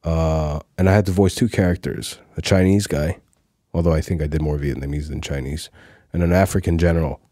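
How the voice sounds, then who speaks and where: A man, a voice actor, chatting casually on a podcast in a relaxed, rambling way with a wheezing laugh. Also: a bass voice, fairly quick, few pauses, no room sound, clean studio sound. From half Cypriot, half Filipino. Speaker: voice actor guest.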